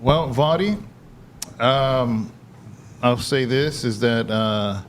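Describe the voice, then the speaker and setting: A man's voice: mid-range voice, drawn-out words, slight background noise. A man, a pastor, co-hosting a casual podcast chat with laid-back, laughing banter.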